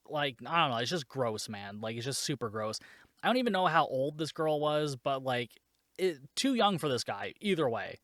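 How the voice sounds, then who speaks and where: A man hosts a solo movie podcast, recapping the plot casually with sarcasm and swearing. His fairly high, slightly bright voice is very animated at a normal speed. The recording is dry with clean studio sound.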